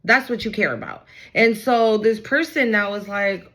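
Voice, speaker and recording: A woman giving a casual tarot reading to her audience, talking in an animated, chatty way, swearing freely and often checking in with "okay?" and "right?". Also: medium pitch, normal speed, hardly any pauses. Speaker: tarot reader.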